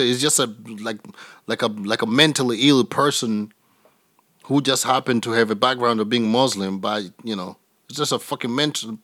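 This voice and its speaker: A man's voice: medium pitch, dry recording, studio quality. A man from Africa, doing a crude, rambling stand-up comedy set and laughing at his own jokes.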